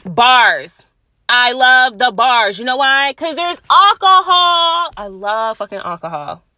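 Young woman, casual vlogger, crisp bright voice, blunt profane ranting with self-amused laughs. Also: sits high, lively intonation, takes it slowly, dry recording. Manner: blunt, profane, chatty rants; laughs at herself mid-sentence. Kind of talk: casual talk to camera.

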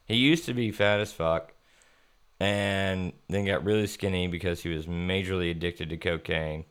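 A young man hosting a podcast, telling work stories in a profane, animated way and laughing often. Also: low-pitched, moderate pace, clean tone. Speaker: podcast host. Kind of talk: casual storytelling chat.

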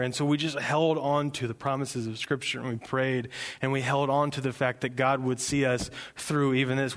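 A man preaching a sermon as a pastor, speaking in an earnest, conversational way. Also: medium pitch. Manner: earnest and conversational, switches into acted quotes.

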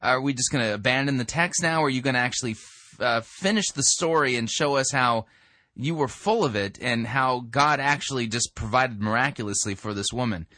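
A man's voice: medium pitch, brisk, bright, forceful tone, no echo. A man reviewing a sermon with sarcastic, dismissive commentary.

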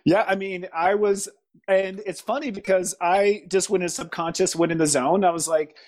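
A man speaking as a guest in a casual spiritual conversation, pausing, restarting and searching for words. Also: sits high, steady tone, a little mellow. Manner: halting, searching for words, frequent restarts and laughs. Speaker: podcast guest.

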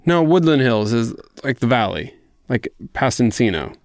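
A man's voice: mid-range voice, moderate pace, dry recording. Man telling a story on a podcast, dry sound. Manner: animated storyteller, swears casually. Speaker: podcast guest. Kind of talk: casual podcast chat.

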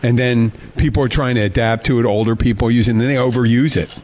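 A man's voice: medium pitch, steady tone, quick pace, darkish tone. A man hosting a radio show, bantering casually, swearing and telling jokes with little voices for the characters. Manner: swears freely, laughs often.

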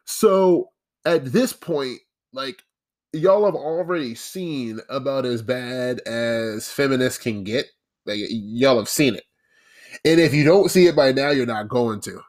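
A man's voice: medium pitch, unhurried, a little mellow. A young man hosting his own podcast, talking alone in a casual, ranting, sarcastic way with frequent restarts. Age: young adult. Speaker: podcast host. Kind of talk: casual solo podcast monologue.

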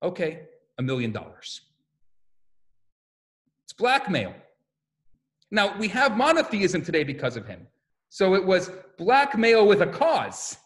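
A male rabbi giving a storytelling lecture, animated and acting out the voices in his stories. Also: high voice, measured pace. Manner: animated, acts out quotes, repeats words when restarting.

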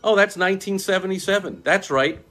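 A man's voice: sits high, a little fast, pushed and bright, faint music behind. A middle-aged man from New York talking casually and passionately to camera, rambling through memories and reeling off statistics. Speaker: vlogger, baseball fan.

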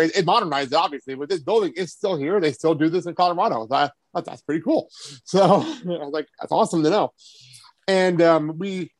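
Excited guy hosting a podcast, talks quick, slightly high voice, laughs a lot. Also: dry recording. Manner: enthusiastic, laughs often. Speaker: podcast host. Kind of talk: casual chat.

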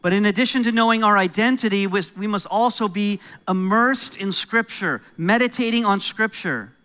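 A man's voice: high voice, normal speed, sharp tone, clear, resonant tone. A middle-aged man from New York with an American accent, preaching a sermon as pastor in a conversational, joking way with rising emphasis.

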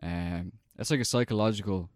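Recounting a film in casual chat, a young man rambles, curses, and leans heavily on fillers. His lowish voice is darkish in tone and fairly quick, captured in clean studio sound with no echo.

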